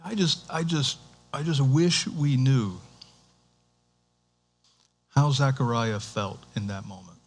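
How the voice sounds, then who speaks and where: A man preaching in church with a middle-pitched voice. He talks to the congregation like it's a chat, with asides and restarts, and his voice lifts when a point excites him. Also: slow pace, pauses often, breathy edge. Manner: conversational, animated, with restarts and asides. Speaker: pastor. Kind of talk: sermon.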